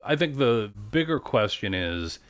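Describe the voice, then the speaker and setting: A man's voice: medium pitch, big pitch swings, unhurried, no room sound. A man co-hosting a podcast in casual, rambling chat, often saying "like". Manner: chatty, rambling, heavy use of "like". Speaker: podcast co-host.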